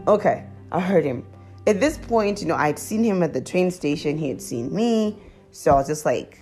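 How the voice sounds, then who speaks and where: A woman telling her viewers a confessional story in a chatty, animated way, laughing as she goes. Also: normal speed, faint music behind. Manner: laughs often and breaks into high squeals. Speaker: vlogger.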